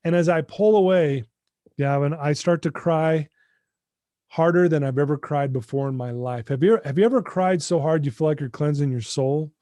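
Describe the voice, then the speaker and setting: A man's voice: fairly high pitch, normal speed, warm tone, no echo. A middle-aged man, a guest on a podcast interview, telling his recovery story in an earnest, heartfelt way and speaking straight to the host over a video call. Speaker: guest, addiction recovery mentor.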